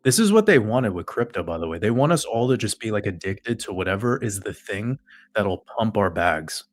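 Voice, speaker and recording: A man's voice: lowish voice, sing-song, moderate pace, no room sound. A man host ranting in profane, sarcastic casual talk to a live chat audience. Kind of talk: casual rant to a livestream chat.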